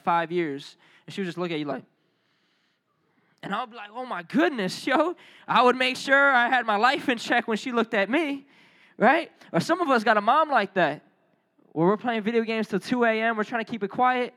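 A man preaching a sermon as a youth pastor, telling lively stories and calling on the crowd to respond. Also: high-pitched, a little fast.

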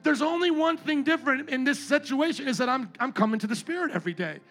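High-voiced impassioned male preacher. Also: expressive, quick pace. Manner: impassioned, swings from quiet storytelling to loud exhortation. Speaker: pastor. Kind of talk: sermon.

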